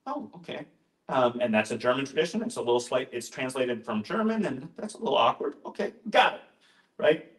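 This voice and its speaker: A man's voice: mid-range voice, animated, quick pace. A male pastor giving an informal, conversational talk, often interrupting himself with asides and jokes. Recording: roomy echoing room.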